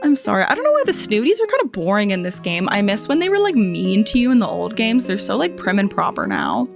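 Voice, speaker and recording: A woman's voice: mid-range voice, sing-song, fast talker, vocal fry. Chatty woman touring a game island. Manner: chatty, lots of "like" and "um" fillers; playful, jokes at game characters. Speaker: gaming video host. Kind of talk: casual game tour commentary. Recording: faint music underneath.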